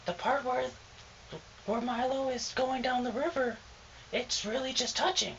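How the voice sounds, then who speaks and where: A man voicing a high-pitched, naive, rambling man caught in a sting for a comedy sketch. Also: steady tone, a little slow, fairly bright tone, highs cut off, slight background noise, full character voice. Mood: earnest. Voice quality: high-pitched, nasal whine.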